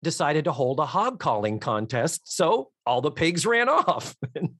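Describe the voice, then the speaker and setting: A man co-hosting a podcast in casual chat, enthusiastic and animated, swearing freely. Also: a little high, unhurried, breathy edge, dry recording, clean studio sound. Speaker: podcast co-host.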